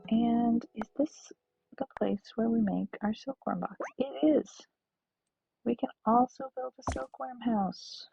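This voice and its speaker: Woman, game streamer, chatty, gravelly, unhurried. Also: fairly high pitch, faint music behind. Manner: chatty, thinks aloud, excited outbursts. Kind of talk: casual let's-play chat. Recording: dull lo-fi stream audio.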